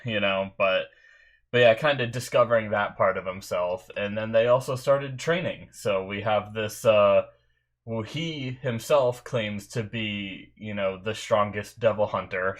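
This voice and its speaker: A man's voice: on the low side, a bit bright. A man hosting a reaction channel, chatting casually through an anime recap, rambling and making fun of himself when he forgets things. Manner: rambling, self-deprecating, loses his train of thought.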